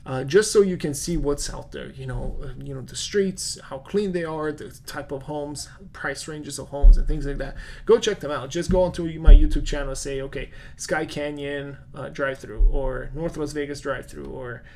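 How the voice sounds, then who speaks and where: Real estate guy w/ an accent doing a live q&a, talks loose and chatty, lots of uhs, voice sits a bit high. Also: normal speed, creaky, a little mellow, a little hiss or hum. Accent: non-native English accent. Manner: chatty, lots of fillers, reads viewer comments aloud. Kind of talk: casual live-stream Q&A.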